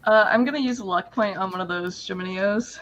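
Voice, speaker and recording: A woman's voice: medium pitch, brisk, a bit bright, dull audio, a little hiss or hum. A woman playing a tabletop game over a video call, upbeat and giggly. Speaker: player.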